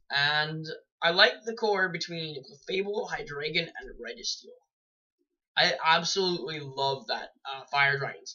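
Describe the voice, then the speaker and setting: A man's voice: a little high, muffled recording, background noise. A man doing casual commentary on competitive game teams, rambling and correcting himself as he goes. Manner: rambling, self-correcting, chuckling at own slips. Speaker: Pokemon draft league co-host.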